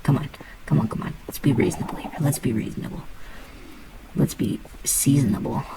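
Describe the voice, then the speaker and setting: A woman chats her way through a game in a deep, heavily gravelly voice. She is playful, mutters to herself and swears freely. A steady background noise sits under her voice. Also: fast talker, rough recording. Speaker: gamer. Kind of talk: casual gameplay commentary.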